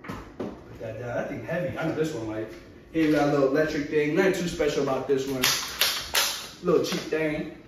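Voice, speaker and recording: A young man doing a casual show-and-tell vlog, excitable and slangy with frequent exclamations. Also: a little high, fairly quick. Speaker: vlogger showing his collection. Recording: very echoey, far from the mic, faint noise.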